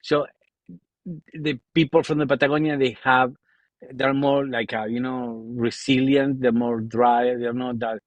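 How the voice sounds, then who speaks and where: Halting Argentine podcast host. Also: male voice, mid-range voice, fairly even intonation, no echo, lo-fi sound. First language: Spanish. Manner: halting, often restarting and searching for words. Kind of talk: casual podcast interview.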